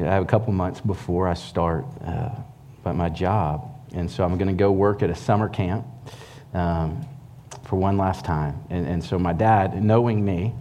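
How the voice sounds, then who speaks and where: A man sharing a personal faith testimony in an earnest, halting way, with many fillers and restarts. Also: sits low, dark tone.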